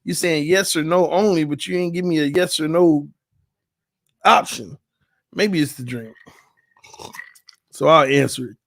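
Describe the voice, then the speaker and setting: Man, fairly high voice, tipsy, laughing, rambling, dry close mic. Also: measured pace, creaky, long pauses, dry recording. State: a little tipsy. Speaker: fan channel host. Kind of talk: casual livestream chat.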